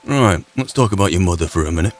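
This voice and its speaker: A man's voice: sits low, expressive, fast, faint music behind. A man playing a blunt frontiersman. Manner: blunt, teasing, suspicious. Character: gruff cagey frontier man who fishes.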